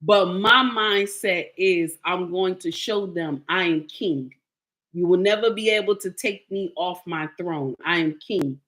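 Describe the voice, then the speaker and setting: A woman voicing her calm, dignified older African husband, with an African accent, speaking slowly and with composure. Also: fairly low pitch.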